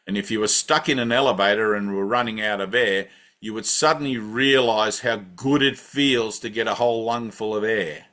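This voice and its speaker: A spiritual teacher with a lowish, sharp-toned voice gives a conversational satsang talk while guiding breathing. He keeps turning to his listeners with "right?"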